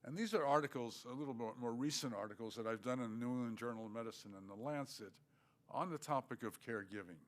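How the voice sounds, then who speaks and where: An older man giving an academic lecture, measured and halting, with many fillers. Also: medium pitch. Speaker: guest lecturer.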